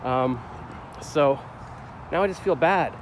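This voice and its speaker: A man's voice: a little high, takes it slowly. A middle-aged man vlogging casually, rambling and questioning himself, and getting heated as he retells a clash. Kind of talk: casual confessional vlog. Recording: street noise behind.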